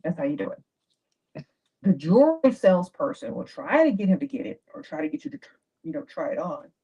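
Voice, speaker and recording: A woman giving dating advice in a chatty, animated livestream talk. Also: fairly low pitch, fairly quick, vocal fry, breathy edge. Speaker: advice host. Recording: dull lo-fi sound.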